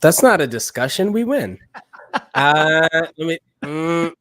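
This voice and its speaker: A man co-hosting a casual livestream, talking in a halting way with fillers. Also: on the high side, sing-song, a bit bright.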